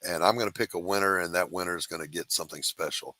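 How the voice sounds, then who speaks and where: Very deep, bright-toned man. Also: fast, dry recording. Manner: upbeat, salesy and matter-of-fact. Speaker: host. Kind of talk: casual chat and crowdfunding pitch.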